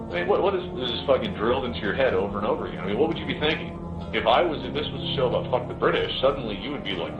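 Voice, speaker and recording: A man's voice: mid-range voice, big pitch swings, fast talker. A man delivering a profane, heated monologue that rambles with many restarts. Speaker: commentator. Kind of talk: ranting monologue. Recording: roomy, dull lo-fi recording with music behind.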